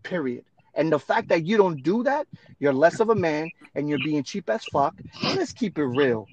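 Co-hosting a podcast, a man tells personal stories in casual chat, blunt and emphatic with casual swearing. His voice is a little high and a little mellow, very animated at a moderate pace, and the recording's highs are cut off.

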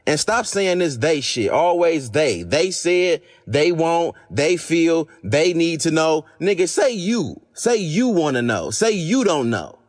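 A podcast host with a hoarse, fading voice, delivering a blunt, profane, exasperated monologue. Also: male voice, on the high side, big pitch swings, slow pace, hardly any pauses. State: losing his voice.

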